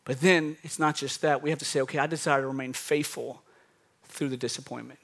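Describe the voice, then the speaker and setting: A man preaching a sermon in an emphatic, conversational way, drawing out phrases and dropping to a hush. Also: medium pitch, steady tone, a little fast, gravelly.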